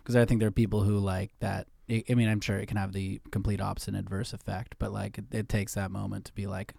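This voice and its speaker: A man hosting a casual podcast chat, animated and swearing freely, laughing often. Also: lowish voice, fast talker, gravelly, dry recording, studio quality. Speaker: podcast host.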